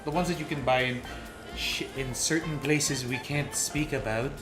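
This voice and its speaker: A man with a medium-pitched voice and moderate pace co-hosts a casual gaming podcast, wandering through news stories and restarting his sentences. Four hosts share one mic in a roomy room, with music in the background.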